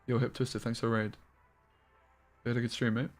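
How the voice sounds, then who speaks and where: A man's voice: mid-range voice, level tone, brisk, faint music behind. A young man chatting casually while streaming a game, telling rambling stories with slang and the odd swear word. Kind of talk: casual live-stream chat over gameplay.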